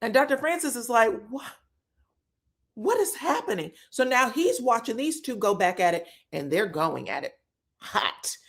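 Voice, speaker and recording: A woman recaps a reality show as casual gossip. She is animated, acts out the cast's lines as she retells them, and swears freely. Her pitch swings widely as she speaks. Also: moderate pace. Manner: animated, quotes cast members in retellings, profane.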